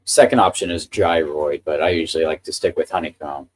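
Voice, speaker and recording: Guy hosting a live stream, deep-ish and mellow, chatty, hands busy with gear. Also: fast, few pauses, husky. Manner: chatty, enthusiastic about 3D printing. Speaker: livestream host. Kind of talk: casual live stream chat.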